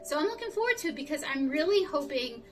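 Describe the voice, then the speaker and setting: A woman's voice: high voice, very animated, fast, recorded from a distance, music in the background. A woman with a Southern US accent talking candidly and a bit rambling to her audience in a casual vlog. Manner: candid, rambling, self-reflective. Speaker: artist vlogger. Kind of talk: casual talk to camera.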